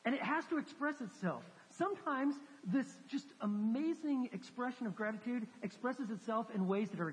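A man preaching a sermon, rising to emphatic questions and dropping to soft, hushed storytelling. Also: extremely high pitch. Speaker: pastor. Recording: long hall reverb.

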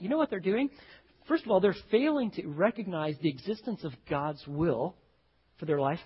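A male pastor preaching a sermon, swinging from hushed lines to loud, acted-out quotes. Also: high-pitched, lively intonation, normal speed, husky. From Texas. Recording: dull lo-fi recording.

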